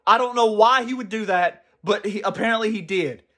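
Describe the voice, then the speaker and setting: A young man giving casual, excitable commentary as a channel host, rambling and swearing freely. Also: high-pitched, a little fast.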